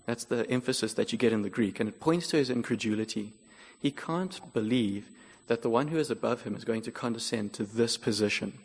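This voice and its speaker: A man delivers a sermon in a measured, earnest manner, working through a scripture passage point by point. His voice sits at a middle pitch. The sound carries the long reverb of a large church hall. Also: husky. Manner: measured, earnest expository preaching. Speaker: preacher.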